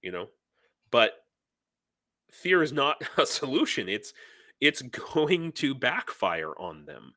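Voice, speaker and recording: A man hosting a live news stream, talking in a heated, ranting way and reading viewer comments aloud. His voice is bright and forceful. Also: mid-range voice, sing-song, slow, long pauses. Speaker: livestream news host.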